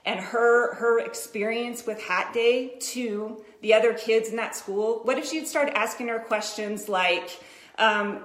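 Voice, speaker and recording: Woman, 30s, business coach, chatty storyteller, fairly high voice, echoey room. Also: a little slow. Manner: chatty, animated, many "right?" asides. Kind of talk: motivational storytelling to camera.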